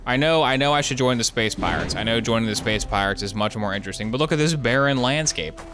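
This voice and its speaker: A man's voice: medium pitch, animated, fast, over music. A man giving casual, jokey commentary while playing a video game, thinking aloud as he goes. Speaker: gaming YouTuber.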